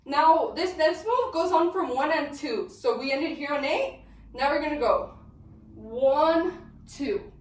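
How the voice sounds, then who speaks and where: A woman's voice: sits high, normal speed. A young woman teaching a dance step by step, counting beats aloud in an upbeat, chatty way. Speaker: dance instructor. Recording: echoey room, mic at a distance.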